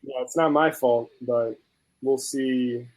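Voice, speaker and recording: A young adult man and host of a food channel, chatting casually and telling a story with lively acted-out quotes. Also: mid-range voice, slow pace, rough recording. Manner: animated storyteller, acts out quotes.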